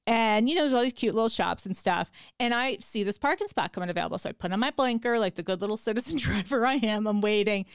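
A woman's voice: medium pitch, fast talker, hardly any pauses, smooth, no echo, studio quality. A woman hosting a podcast in casual chat, telling stories with animation and acting out her own quotes. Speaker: podcast host.

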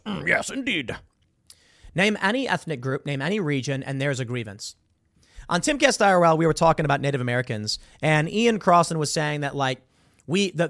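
A man hosting an opinion commentary show, talking in a sarcastic, mocking and animated way about a video. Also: a little high, no room sound, studio quality.

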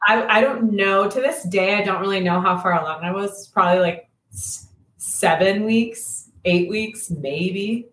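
A woman's voice: mid-range voice, unhurried, fairly bright tone. Woman co-host, casual matter-of-fact chat, echoey room. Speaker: podcast co-host. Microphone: video call. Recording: roomy sound, far from the mic.

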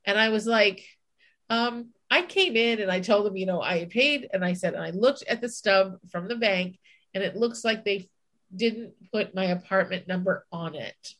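A woman's voice: medium pitch, normal speed, fairly bright tone. A woman co-hosting a podcast, telling a personal story in casual chat, candid, swearing and acting out her own inner voice. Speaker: podcast co-host.

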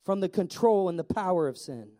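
Animated high-voiced male preacher. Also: brisk. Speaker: pastor. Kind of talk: sermon.

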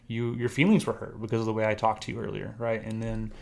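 A man's voice: lowish voice, level tone, quick pace, gravelly, a little mellow. A man co-hosting a podcast as a marriage counselor, talking earnestly and explaining things with frequent "right?" checks. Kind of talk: casual podcast chat.

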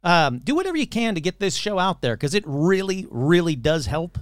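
A man's voice: high voice, big pitch swings, a little fast, no echo, clean studio sound. A man hosting a paranormal podcast in casual, sarcastic chat, swearing freely and slipping into mocking voices. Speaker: podcast host.

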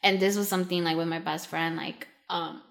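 A woman's voice: lowish voice, fairly quick, gravelly. A young woman co-hosting a casual chat, talking in long rambling runs full of "like" and acting out what other people said. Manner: rambling, filler-heavy, animated quoting of others.

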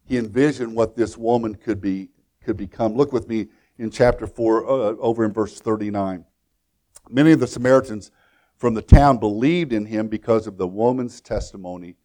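A male pastor preaching a sermon. He tells a story with many repeated words and restarts, moving between loud, excited passages and quiet, hushed ones. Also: fairly low pitch, moderate pace.

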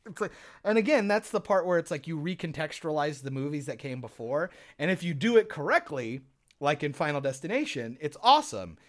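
A man's voice: on the high side, fairly quick. A young man talks in a slightly raised voice, loose and casual. He swears freely and acts out his own reactions as he tells stories on a podcast. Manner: animated, profane storyteller who acts out his own reactions. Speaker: podcast co-host. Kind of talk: casual chat.

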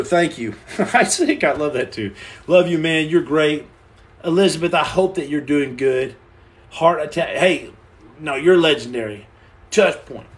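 A young man hosting a livestream from a room at home, answering viewer comments with boastful deadpan jokes and tall tales. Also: a little high. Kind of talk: joking livestream chat.

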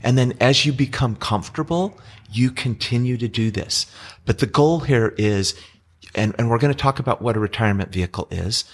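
A man's voice: mid-range voice, moderate pace. Patient middle-aged man explaining money. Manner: patient explainer, restarts often. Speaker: podcast co-host explaining investing. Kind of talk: casual podcast chat.

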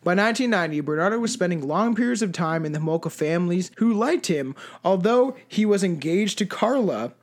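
A man's voice: high-pitched, expressive, a little fast, few pauses. A man hosting a casual true-crime chat, swearing freely and rambling through frequent restarts. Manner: profane, rambling, restarts often. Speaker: podcast host.

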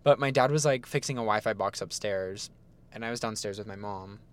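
A man's voice: on the low side, a little fast, clean tone. Rambling young man telling a story. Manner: rambling, frequent "like" fillers, animated retelling. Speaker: podcast co-host. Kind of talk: casual chat, storytelling.

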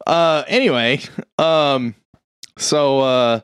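Young guy, casual recap, profane and animated, squeaks up high for quotes, dry close sound. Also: very slow, smooth, dry recording. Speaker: podcast co-host retelling a film. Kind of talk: casual chat.

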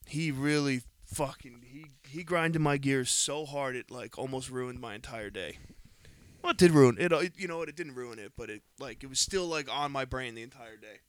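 A man spins a heated story in a casual podcast chat, swearing freely and getting louder as he goes. His voice sits at an ordinary pitch, heard close and dry with no room around it. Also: moderate pace, clean tone, dry recording. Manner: animated, profane, heated retelling.

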